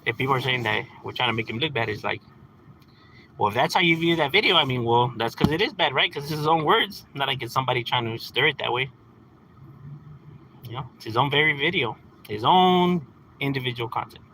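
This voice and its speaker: A man's voice: medium pitch, animated, brisk, bright, forceful tone, slight background noise, rough recording. A man in his thirties from California, talking casually on a livestream in a laid-back, slangy way and laughing often. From San Fernando Valley, California. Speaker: livestream host.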